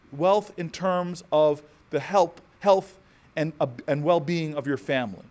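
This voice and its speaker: A man's voice: a little high, darkish tone. A man from New Jersey giving an inspirational keynote speech, oratorical with rhythmic repetition and humorous asides. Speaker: keynote speaker.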